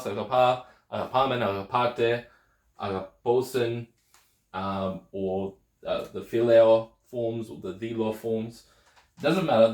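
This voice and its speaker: A Greek teacher, a man, gives what seems to be a recorded video language lesson, explaining patiently and checking in with frequent "okay"s. His voice sits lowish with a darkish tone and a roomy sound.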